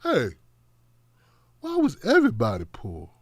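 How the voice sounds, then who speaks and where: A man hosting a live stream, reading out viewer comments with an animated, sarcastic delivery that swings between outbursts and muttering. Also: medium pitch, measured pace, no room sound, clean studio sound. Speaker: live-stream show host.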